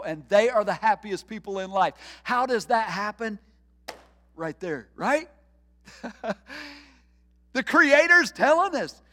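A middle-aged pastor preaching a sermon, his voice on the high side for a man, animated and quick to laugh as he acts out what went through his head. The sound carries a long reverb from a church hall. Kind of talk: sermon with personal story.

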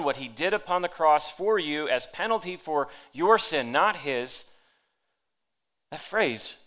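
A man preaching to a congregation, his tone bright and forceful and his pitch sitting a little high. He reads scripture aloud with dramatic emphasis. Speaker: pastor. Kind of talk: sermon. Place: church hall with audience.

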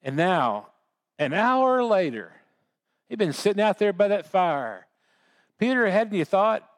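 A man's voice: high voice, big pitch swings, unhurried, long pauses. A man preaching a sermon, telling the story in a folksy, homespun way. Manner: folksy storytelling with baseball analogies.

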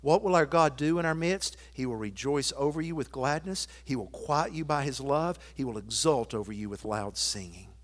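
A man preaching a sermon, quoting scripture and hymn lines and moving from loud emphatic declarations to soft, intimate asides. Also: medium pitch, animated, normal speed, hardly any pauses. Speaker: pastor.

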